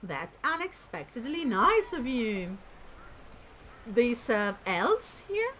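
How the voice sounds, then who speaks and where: A woman's voice: fairly high pitch, sing-song, slow pace, a bit bright, a little hiss or hum, poor audio. A woman hosting a let's play, chatting enthusiastically and reading in-game text aloud as she plays. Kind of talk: gameplay commentary.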